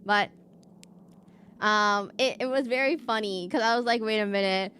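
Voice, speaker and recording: A woman's voice: medium pitch, normal speed, a bit bright, slight background noise. A young woman streaming live, chatting casually and rambling with many restarts. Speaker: VTuber streamer.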